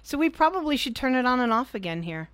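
High-voiced, blunt, swearing woman podcaster. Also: quick pace, no echo. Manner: blunt, swears freely, animated opinions. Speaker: podcast co-host. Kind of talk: casual chat.

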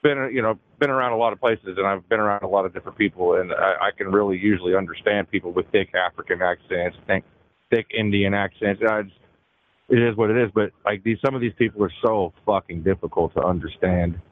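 A man's voice: fairly low pitch, fairly even intonation, fast. A man calling in to a talk show, venting in a rambling, profane, exasperated way. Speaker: caller. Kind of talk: call-in chat. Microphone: phone. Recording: tinny dry phone line.

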